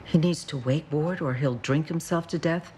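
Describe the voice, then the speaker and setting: A woman's voice: deep voice, moderate pace, warm tone, a little hiss or hum, lightly acted. An actress playing a stern mother in a TV medical drama, curt and dismissive. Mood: scornful. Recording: TV scene with score underneath.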